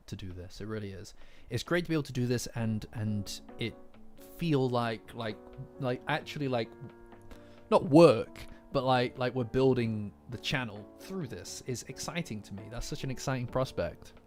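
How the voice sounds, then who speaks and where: A man's voice: medium pitch, normal speed, a little mellow, soft background music. A man streaming a casual chat, rambling and joking at his own expense. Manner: rambling, self-mocking, joking.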